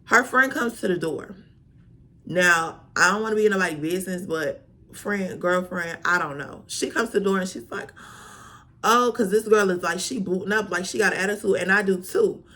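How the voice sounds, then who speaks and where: A woman vlogger telling a storytime, sassy and animated, full of slang. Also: medium pitch, moderate pace. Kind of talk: storytime vlog.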